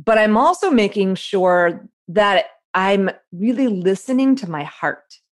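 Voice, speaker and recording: Animated, quick-talking woman author. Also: medium pitch. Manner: animated, quick storyteller who acts out her inner voice. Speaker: author and guest. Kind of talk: conversational interview.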